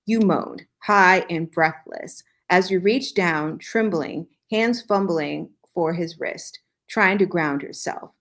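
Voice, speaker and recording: A woman with a fairly low, fairly bright voice reads fan fiction aloud slowly and with few pauses on her podcast. Her dry delivery keeps breaking for joking asides and laughs, making it a comedic dramatic reading.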